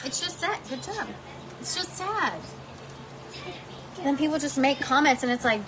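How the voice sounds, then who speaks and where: A woman's voice: sits high, normal speed, pauses often, background noise. A woman talking casually in her home kitchen while cooking with her child, blunt and heated, swearing freely. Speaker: parent vlogger.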